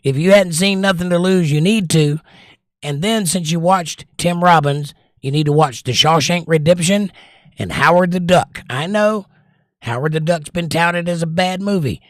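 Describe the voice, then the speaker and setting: A man from the Southern United States hosts a livestream, reading viewer comments aloud and chatting casually as he recommends movies with strong, opinionated takes. His voice is a little high and his pace normal, captured in a dry, studio-quality recording.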